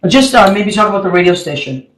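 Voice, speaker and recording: A woman hosting a radio talk show, chatty and excitable, with frequent exclamations. Her voice sits at a middle pitch and rings a little in an echoey studio room. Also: fast. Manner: chatty storyteller with lively exclamations. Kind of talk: casual chat.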